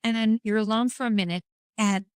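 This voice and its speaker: A woman's voice: on the high side, steady tone, brisk, clear, resonant tone, no echo. Frank middle-aged woman, dry close sound. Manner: frank, wry, rambling storytelling with quoted dialogue. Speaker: podcast guest. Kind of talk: candid conversation about grief.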